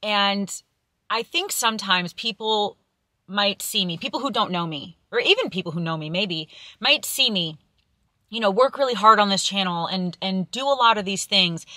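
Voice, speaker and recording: A woman's voice: mid-range voice, expressive, normal speed, bright, forceful tone, no echo, studio quality. A young woman talking candidly to camera in a vlog, holding back tears as she rambles with fillers. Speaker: vlogger. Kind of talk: candid confessional vlog talk.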